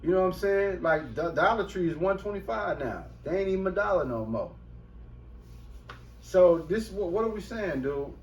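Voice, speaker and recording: A man holds forth in loose slangy speech, warning his listeners like a street preacher. His voice sits a bit high. The mic is far off in a roomy space with faint background noise. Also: animated, moderate pace, muffled recording. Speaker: host. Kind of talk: street talk commentary with scripture. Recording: roomy echo from a distant mic.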